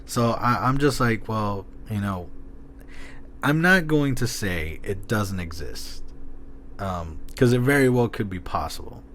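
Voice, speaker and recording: Man, podcast co-host, rambling, excitable, filler-heavy, faint background hiss. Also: fairly low pitch, measured pace. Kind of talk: casual podcast chat.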